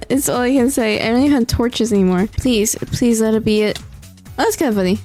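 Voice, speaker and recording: A woman's voice: fairly high pitch, lively intonation, normal speed, darkish tone, soft background music. A young woman giving casual commentary over her gameplay, tired late at night, pleading and exasperated and laughing often. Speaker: gaming vlogger.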